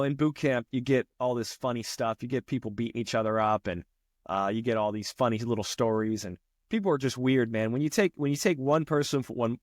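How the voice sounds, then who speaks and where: A man's voice: medium pitch, no room sound, clean studio sound. A man being interviewed, talking in a laid-back, loose way with lots of "you know" and "man". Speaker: guest, Navy veteran. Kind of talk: casual conversation.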